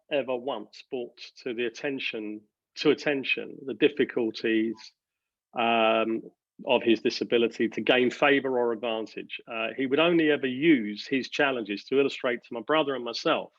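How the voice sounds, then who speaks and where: A company director giving earnest interview answers, halting with many fillers and restarts. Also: male voice, medium pitch, no room sound, lo-fi sound.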